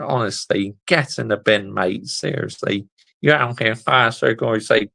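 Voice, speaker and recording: A young man rants on a casual livestream, answering the live chat in a blunt, exasperated way. His voice has a heavy gravelly fry, and he speaks at an unhurried, drawn-out pace. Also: medium pitch, fairly bright tone, poor audio. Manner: exasperated, blunt, repeats "honestly" and "mate".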